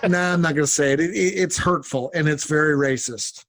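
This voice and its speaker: Male podcast co-host, voice a bit high, blunt and exasperated. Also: fairly quick, a bit bright, a little hiss or hum. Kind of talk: comedic podcast banter.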